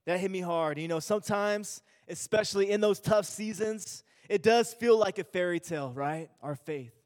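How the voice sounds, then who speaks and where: A man's voice: high-pitched, normal speed, in a large hall. A male pastor giving an earnest sermon, repeating himself and restarting phrases as he speaks.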